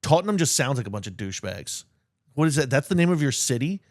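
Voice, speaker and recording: A man's voice: mid-range voice, sing-song, fast, no room sound, clean studio sound. A man co-hosting a podcast, tossing in joking, mocking asides during casual banter. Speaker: podcast co-host.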